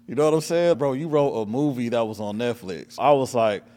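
A man's voice: medium pitch, a little fast. A man interviewing a guest in casual chat, telling stories animatedly and acting out what people said. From American South. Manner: animated storytelling, acts out quotes in a lively voice.

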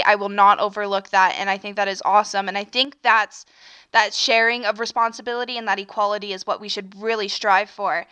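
Young woman, podcast host, solo commentary; sharp, crisp voice; earnest and opinionated, restarts a lot. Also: medium pitch. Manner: earnest, opinionated, self-correcting with frequent restarts.

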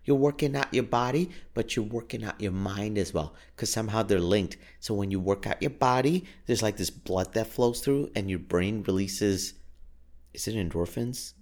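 A man's voice: on the low side, moderate pace, darkish tone. A man hosting a solo podcast from a booth, talking casually in a rambling, self-deprecating way with many restarts. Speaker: podcast host.

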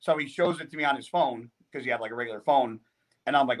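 A man, a bodybuilder guest on a podcast, telling a story in a casual, profane, animated way. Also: medium pitch, fast, husky.

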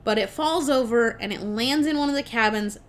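A young woman casually retelling a movie plot on a podcast, animated and chatty, with lots of fillers and swearing. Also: a little high, a little fast. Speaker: podcast co-host. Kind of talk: casual film recap.

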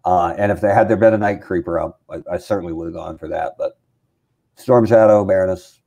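A man's voice: deep voice, a little fast, vocal fry. A man co-hosting a casual chat show, bantering in a jokey way. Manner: jokey, animated. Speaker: podcast co-host.

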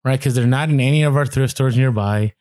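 A man's voice: medium pitch, fairly quick, a little mellow, no room sound, clean studio sound. A man co-hosting a podcast, talking in a reflective, rambling way. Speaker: podcast co-host. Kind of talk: casual chat.

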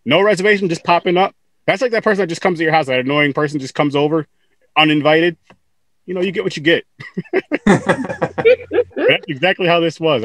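A man's voice: on the high side, animated, moderate pace, long pauses, a bit bright, no echo. A man hosting a podcast, chatting casually with guests, laughing often and repeating words as he talks. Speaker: podcast host. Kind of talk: casual interview chat.

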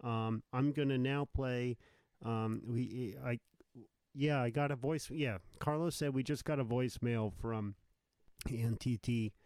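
A man's voice: medium pitch, a little slow, darkish tone, clear, resonant tone, no room sound. A man hosting a live call-in show, irritable and blustering, complaining and swearing about his setup. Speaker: show host.

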